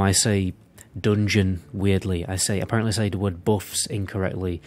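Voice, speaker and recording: A man from northern England with a South Cumbrian accent and a lowish voice. He talks to his viewers in a chatty, rambling way and drops self-deprecating asides as he explains. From Windermere, northern England. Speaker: video creator. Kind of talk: casual explainer video.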